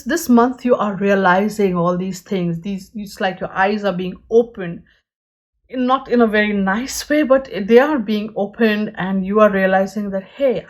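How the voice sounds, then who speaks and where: Her mid-range voice carries an earnest pick-a-card tarot reading addressed directly to viewers. She leans heavily on "you know" as she talks.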